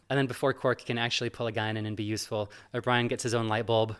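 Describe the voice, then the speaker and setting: A man's voice: medium pitch, little pitch movement, quick pace, hardly any pauses, fairly bright tone, smooth. A man co-hosts a podcast in a casual, talkative way. His voice sits in an ordinary middle range. He laughs easily and drops into quoted lines as he recaps the story. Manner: chatty, laughs often, acts out quotes. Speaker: podcast co-host. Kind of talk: casual chat recapping an episode.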